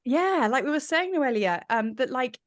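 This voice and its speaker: Spiritual teacher, woman, guided meditation and lively group chat on a video call. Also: high-pitched. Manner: soft, slow guided-meditation voice; lively, excited chatter with laughter.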